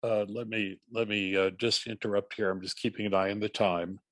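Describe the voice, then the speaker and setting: A man's voice: on the low side, level tone, a little fast, dry recording. A man from North Dakota moderating a talk, who interrupts politely and a little hesitantly. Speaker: host, moderator.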